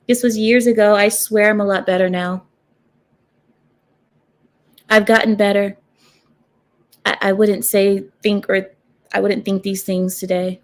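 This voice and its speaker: A woman's voice: medium pitch, little pitch movement, moderate pace, long pauses, a little mellow. A woman hosting a casual stream, reacting to clips and chat and arguing her points through rhetorical questions with frequent laughter.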